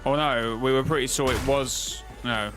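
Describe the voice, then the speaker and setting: A man's voice: mid-range voice, fairly even intonation, moderate pace, over music. A man streaming and chatting casually about game-lore theories, rambling, restarting himself and answering his chat. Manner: rambling, talks to chat, frequent restarts and self-corrections.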